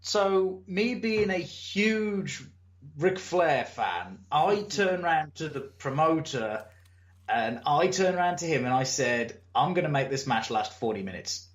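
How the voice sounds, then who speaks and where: A man, a wrestler telling stories in a casual interview, animated and acting out voices, swearing now and then. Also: fairly high pitch, takes it slowly. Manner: animated storyteller, acts out crowd and promoter. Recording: echoey room, muffled lo-fi sound.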